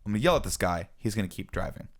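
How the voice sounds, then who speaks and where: A man in his thirties tells a story on a casual podcast. His voice sits fairly low but moves a lot, rising and falling as he acts the scene out. He pokes fun at himself as he goes. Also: rapid-fire. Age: 30s. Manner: animated, self-mocking storyteller. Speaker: podcast co-host.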